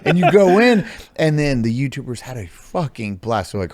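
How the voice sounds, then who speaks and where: A man hosting a podcast in casual chat, telling rambling, animated stories and swearing freely. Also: medium pitch, moderate pace, a loud crowd. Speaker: podcast host.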